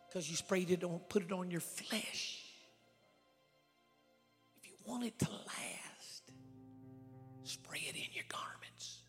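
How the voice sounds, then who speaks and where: A man preaching a storytelling sermon as a traveling evangelist, swinging between loud shouts and hushed whispers, recorded live in a church. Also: a little high, unhurried, creaky, pauses often. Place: church sanctuary with reverb. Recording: live church recording with long reverb and faint music.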